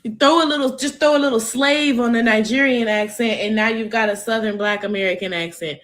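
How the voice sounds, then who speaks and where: Bright, emphatic woman commentator. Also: a little high, steady tone, a little fast. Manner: incredulous, emphatic. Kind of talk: social media commentary.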